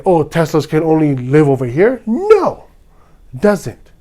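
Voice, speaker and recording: Fairly high-pitched and mellow, this male podcast host from Hawaii delivers ranting commentary full of heated indignation. He acts out what others have said.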